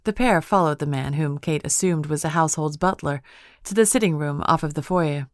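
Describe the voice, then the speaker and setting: A woman with a low voice narrates a cozy mystery audiobook. She keeps a measured, even storytelling pace. The sound is dry and close, with no room in it. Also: no echo. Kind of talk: scripted narration.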